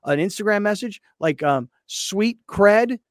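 A man's voice: measured pace, dry recording, studio quality. A man hosting a sports radio show, telling stories in casual banter and mimicking others. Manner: animated storyteller, mimics others with high voices.

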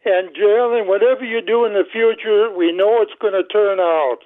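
A man's voice: sits high, normal speed, dry recording. A man calls in to a radio show and speaks in a friendly, fond way. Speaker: caller. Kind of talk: call-in radio chat. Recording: tinny phone line.

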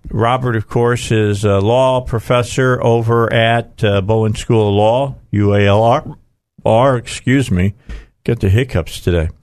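A man's voice: lowish voice, darkish tone, no room sound. A man hosting a radio talk show, folksy and rambling with frequent fillers.

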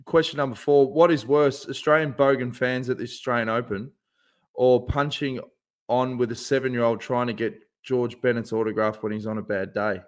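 A man hosting a casual sports podcast. He talks in an easygoing, joking way, at an ordinary middle pitch. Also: steady tone, moderate pace. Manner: laid-back, chatty, jokey. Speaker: podcast host. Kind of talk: casual chat.

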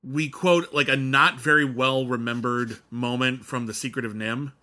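A man co-hosting a podcast in casual, animated chat, laughing and quoting film lines. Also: medium pitch, normal speed. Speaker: podcast co-host.

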